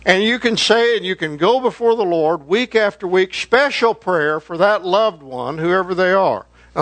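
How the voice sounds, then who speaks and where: A man with a notably high voice delivers an earnest sermon, pleading with his listeners. He slows down for scripture and lifts his voice to act out desperate prayers. The sound is dry and close, with little room around it. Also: a bit bright, no room sound. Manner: earnest, pleading emphasis when quoting prayers. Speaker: pastor.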